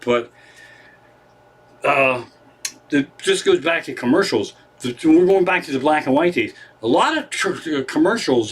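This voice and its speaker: A man's voice: fairly high pitch, breathy edge. A man doing a rambling, profane stand-up monologue from his living room on a livestream. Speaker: comedian.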